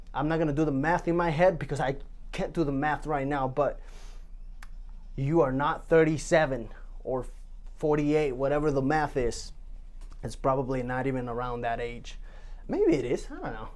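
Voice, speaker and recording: A man's voice: fairly high pitch, lively intonation, moderate pace, darkish tone. A male vlog host talking straight to his viewers in a loose, rambling way. He jokes, swears without a second thought and drifts from one story to the next. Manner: rambling, joking, swears freely. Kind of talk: casual solo vlog chat.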